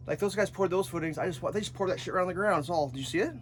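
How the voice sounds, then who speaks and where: A man's voice: high voice, racing, a little hiss or hum. A man who builds homes, talking through a casual how-to vlog at an outdoor building site while digging and scraping. He talks bluntly, jokes around and swears freely, recorded on a handheld camera. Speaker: home builder. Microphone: handheld camera, some of it filmed one-handed by himself.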